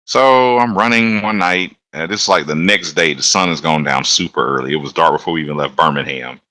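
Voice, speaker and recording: A very deep-voiced man tells easygoing stories as a podcast guest. His tone is bright and forceful despite the low pitch. He laughs often and acts out the voices of the people in his stories. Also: a little fast, dry recording. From Alabama. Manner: laid-back storyteller, laughs often, acts out quotes. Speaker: guest, locomotive engineer. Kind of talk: casual storytelling on a podcast.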